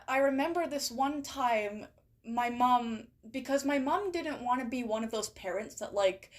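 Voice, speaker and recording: A woman with a slightly high voice talks in a loose, rambling way and keeps dropping "like" and "right?" into her sentences. She reads out viewer stories as she chats, cursing freely. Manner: rambling and chatty, with many "like" and "right?" asides and frequent swearing. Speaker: streamer reading viewer stories. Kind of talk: casual chat.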